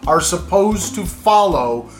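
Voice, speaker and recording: A man's voice: high voice, expressive, slow, faint music behind. A man co-hosting a casual podcast, joking and riffing, acting out quotes as he talks. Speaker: podcast co-host. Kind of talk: casual comedic chat.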